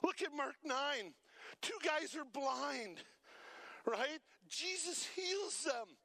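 A man preaching a sermon as pastor, animated and asking the congregation to repeat lines after him. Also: very high voice, takes it slowly, vocal fry, no echo.

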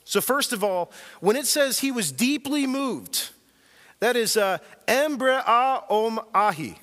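Bright-voiced preacher in a reverberant hall. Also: male voice, extremely high pitch, animated, a little slow. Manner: earnest, emphatic storytelling with swings in volume. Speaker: pastor. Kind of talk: sermon.

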